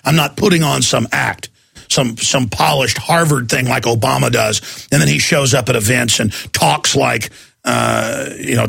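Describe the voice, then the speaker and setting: A man's voice: medium pitch, gravelly, fairly bright tone, husky, dry recording. A man hosting a talk radio show, ranting heatedly and mocking others in put-on voices.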